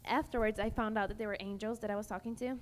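A woman's voice: medium pitch, fairly even intonation, fast talker. A young woman on a youth panel telling a personal story in a chatty way, full of "like". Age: young adult. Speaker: panel speaker. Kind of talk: testimony to a youth audience. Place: large hall at a youth camp. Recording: echoey hall, faint background noise.

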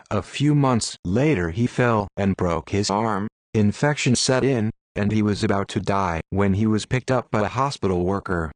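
A man with a fairly low voice narrates an audiobook in a measured, solemn way. The sound is dry and close. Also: dry recording. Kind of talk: scripted narration.

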